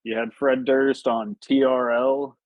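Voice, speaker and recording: A man's voice: medium pitch, little pitch movement, slow, a little mellow, dry recording, muffled recording. A man talking loosely on a podcast, full of fillers and casual swearing. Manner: laid-back, swears freely, many fillers. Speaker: podcast guest. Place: podcast studio.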